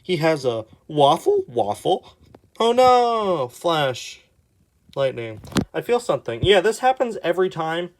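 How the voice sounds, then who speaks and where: A young man casually commenting as he reads his old comics aloud, sarcastic and exasperated, with quick asides. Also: a little high, sing-song. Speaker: YouTube artist.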